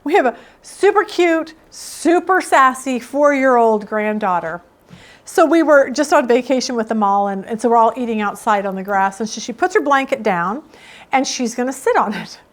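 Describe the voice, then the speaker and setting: A woman's voice: fairly high pitch, animated, normal speed. A middle-aged woman teaching a Bible study in a casual, emphatic, storytelling way.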